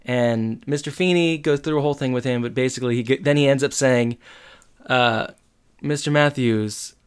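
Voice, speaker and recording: A mid-pitched speaker recaps a sitcom episode in casual chat. They narrate each scene with quoted dialogue and lots of "like.". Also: normal speed, clean tone.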